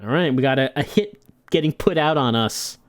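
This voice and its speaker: A man streaming a game and making quick, wry comments. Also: fairly high pitch, no echo, clean studio sound.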